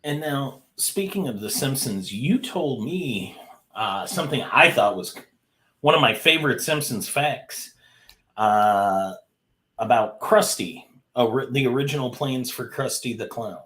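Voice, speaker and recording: Bright-voiced man hosting an interview. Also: medium pitch, expressive. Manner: eager, quick reactions and questions. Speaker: host. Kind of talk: casual interview chat.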